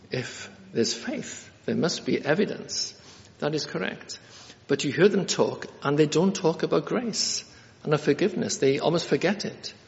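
A man preaching a sermon in an earnest, halting way, with many fillers and restarts. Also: on the high side, vocal fry. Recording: reverberant hall, dull lo-fi sound.

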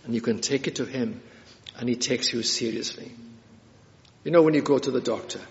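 Earnest preacher, long hall reverb. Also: male voice, medium pitch, normal speed, a little mellow, lo-fi sound. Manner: earnest, repeats key phrases for emphasis; frequent filler hesitations. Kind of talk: expository sermon.

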